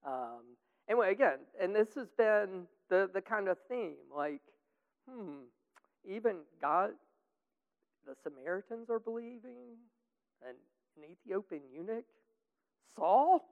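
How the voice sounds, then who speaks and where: A man's voice: high-pitched, lively intonation, a little slow, creaky, pauses often. A man leading a group Bible study discussion in a casual, rambling way with many fillers, heard over a tinny, echoing line. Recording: tinny phone-like line with long reverb.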